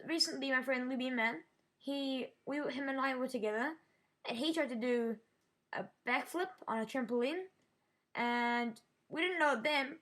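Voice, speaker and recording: A woman vlogging a personal story in a halting way, often restarting her sentences and sounding shaken. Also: high-pitched, fairly bright tone. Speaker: YouTuber. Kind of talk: casual storytelling vlog.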